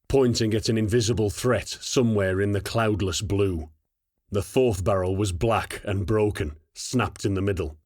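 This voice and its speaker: A man narrating a military sci-fi audiobook in a steady, measured read. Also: on the low side, no room sound, clean studio sound.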